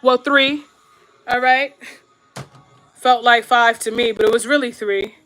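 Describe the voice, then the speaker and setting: This is a woman streamer chatting with her viewers while she does her makeup. Her voice is bright and forceful and sits a touch high. She talks bluntly and slangily, straight to her audience, and repeats things for emphasis. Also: steady tone, a little slow. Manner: slangy, addresses viewers directly. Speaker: YouTube streamer and podcaster. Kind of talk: casual advice chat while doing makeup.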